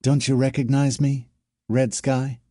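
Man putting on a female alien commander, raised pitch, polite, guarded, storybook. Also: little pitch movement, measured pace, dark tone, dry recording, clean studio sound, close to an everyday voice. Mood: pointed.

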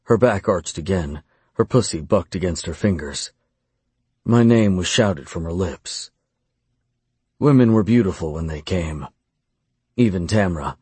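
Deep husky male audiobook narrator. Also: animated, a little slow, pauses often, darkish tone, no echo. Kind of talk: first-person erotic audiobook narration.

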